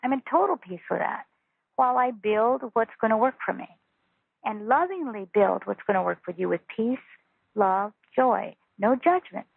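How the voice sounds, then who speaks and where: A woman, a spiritual teacher, talking calmly and earnestly as a guest on a phone interview. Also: a little high, moderate pace, gravelly, breathy edge, no room sound. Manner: calm, earnest, instructive. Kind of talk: interview over a phone call. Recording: tinny phone line.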